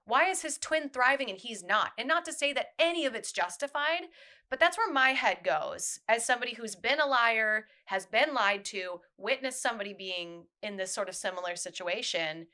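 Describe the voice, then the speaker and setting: Bright-voiced woman, candid podcast guest. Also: a little high, animated, moderate pace. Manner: reflective, candid, speaks her mind. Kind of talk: casual podcast chat.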